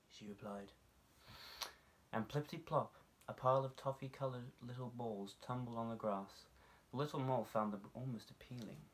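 A young man, a drama student, reading a children's story aloud in an expressive storytelling manner and relishing the sound-effect words. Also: lowish voice, a little fast. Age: young adult.

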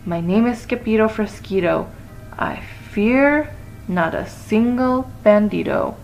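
A woman voicing a brave kitten playing a masked chihuahua sword fighter, speaking softly and slowly with mock-heroic pride. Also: a little high, very animated, vocal fry, soft background music, full character voice, rough recording. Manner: soft, slow, mock-heroic.

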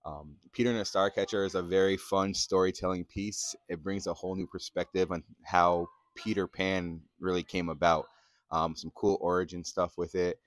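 Man, very low voice, easygoing, friendly, dry close sound. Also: flat delivery, normal speed, no room sound. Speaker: theater advisor and producer. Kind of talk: casual promotional chat.

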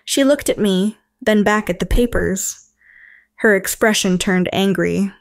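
A woman's voice: medium pitch, unhurried, vocal fry, no echo. Woman narrator for a story channel, matter-of-fact, dry close sound. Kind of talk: first-person story narration.

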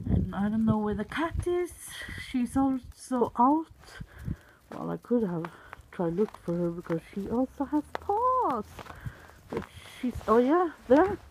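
A Norwegian woman with a Norwegian accent vlogs casually into a handheld phone outside in the snow, giggling and baby-talking to her puppy. Her voice sits a little high and a little mellow. The audio is poor, with slight background noise.

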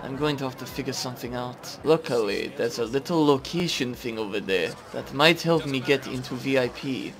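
A young man giving excitable, sweary let's-play commentary over a game. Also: mid-range voice, moderate pace, hardly any pauses, crowd noise. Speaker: gaming YouTuber. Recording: game music behind the voice.

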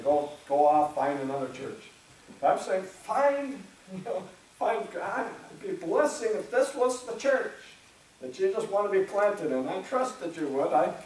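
Male pastor preaching in a church, chatty style, clears his throat a lot, kinda high voice, super echoey room, mic far off. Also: darkish tone. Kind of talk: sermon. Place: church sanctuary.

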